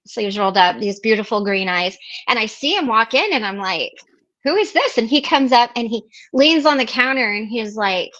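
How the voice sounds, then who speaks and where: A woman's voice: fairly high pitch, bright, forceful tone, muffled recording. Chatty woman telling a story on a call. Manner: chatty, acts out quoted voices, many fillers and restarts. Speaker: recovery meeting host. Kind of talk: casual storytelling.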